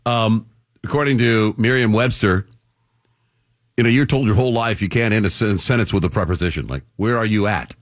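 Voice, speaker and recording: A low-pitched man hosting a talk radio show, bantering casually with his co-host and reading stories aloud with wry commentary. His voice sounds close and dry, with no room around it. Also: brisk, no room sound. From Florida. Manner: chatty, wry, reads news items aloud with asides.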